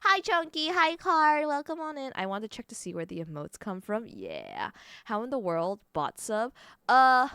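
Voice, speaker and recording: Young woman streamer, clear and crisp, chatty and rambling with casual swearing, close and dry. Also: fairly high pitch, wildly swooping pitch, fairly bright tone, dry recording. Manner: rambling, swearing, quick self-corrections. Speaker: livestreamer.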